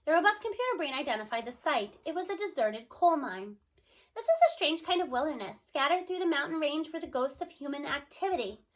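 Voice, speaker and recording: Reading chapter after chapter of a children's book, this woman tells the story steadily and expressively. She has a high, bright voice and keeps a fairly quick pace.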